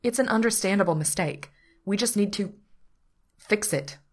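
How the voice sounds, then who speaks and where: A woman's voice: medium pitch, normal speed, pitched above the performer's own voice, close to an everyday voice. A woman voicing a flustered, earnest young man who bakes for a living, speaking emphatically. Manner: emphatic, apologetic.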